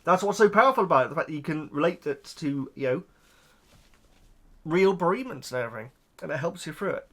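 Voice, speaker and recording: Rambling man, softly emotional. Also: on the high side, fairly quick, pauses often. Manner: rambling, hesitant, full of fillers and repeated words. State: emotional, near tears. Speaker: YouTube reaction host. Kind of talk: casual reaction chat to camera.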